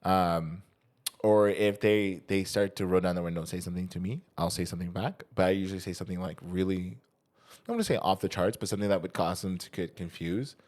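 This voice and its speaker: A young man chats casually as a podcast co-host. He tells stories with animated, acted-out quotes. His talk is loose and full of swearing. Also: deep voice, fast talker. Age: young adult. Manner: animated storyteller, acts out quotes, swears freely. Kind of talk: casual chat.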